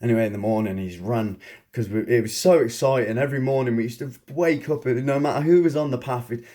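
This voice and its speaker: A man's voice: mid-range voice, quick pace. Rambling man telling a story. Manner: rambling, excitable, frequent chuckles. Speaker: vlogger. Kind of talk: casual storytelling monologue.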